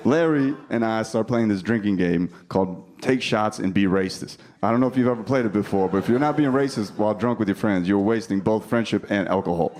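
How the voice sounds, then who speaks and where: A man's voice: lowish voice, a little fast, few pauses, darkish tone. A man doing a stand-up comedy set, telling a story in a brash, punchy way on a club stage with a handheld mic.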